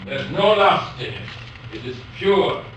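A man giving a university lecture, reading poetry aloud slowly and otherwise talking haltingly with many pauses. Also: fairly high pitch, animated, a bit bright. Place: lecture hall. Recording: echoey hall from far off, faint noise.

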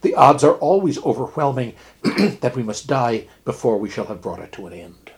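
Guy reading out an unbothered sea captain, gentle and measured, philosophizing in a storybook fable. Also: medium pitch, sing-song. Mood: calm, philosophical. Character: calm philosophical male ship captain.

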